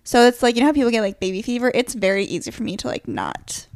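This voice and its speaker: A woman's voice: on the high side, animated, fast talker, no room sound. Young woman, dry close sound. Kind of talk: casual chat.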